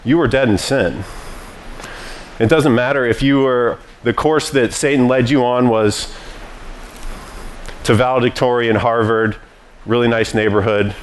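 A man delivers a sermon with earnest, rhetorical emphasis. His voice sits at an average pitch, and he checks in with his listeners through short questioning asides. A faint hiss runs under the recording. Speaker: preacher.

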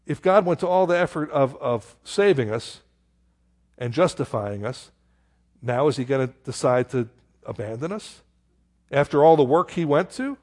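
Male preacher, slightly high voice, lively, teaching-style sermon with rhetorical questions. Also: normal speed. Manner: animated and conversational, rhetorical questions, exclaims "how stupid". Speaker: pastor. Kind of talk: expository sermon.

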